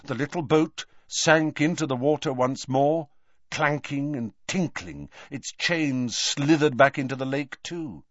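A man's voice: on the high side, measured pace, no room sound, muffled recording. A man reading a fantasy novel aloud as an audiobook narrator, with dramatic, swelling delivery. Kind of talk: scripted narration.

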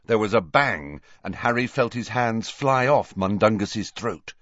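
A man narrating an audiobook with expressive storytelling. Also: fairly low pitch, measured pace, dry recording, muffled recording.

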